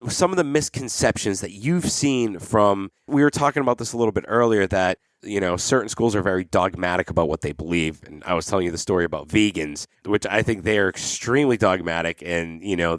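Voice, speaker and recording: A man's voice: deep voice, no room sound. A man hosting a podcast interview, talking casually and chattily with lots of fillers. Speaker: podcast host.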